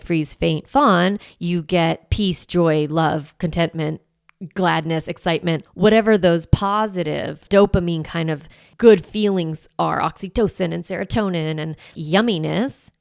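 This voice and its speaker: Woman, parenting coach on her own podcast. Gravelly, smooth low voice, chatty and encouraging, dry close sound. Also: a little mellow, no echo. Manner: chatty and encouraging, peppered with "like" and "right". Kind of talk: casual podcast monologue.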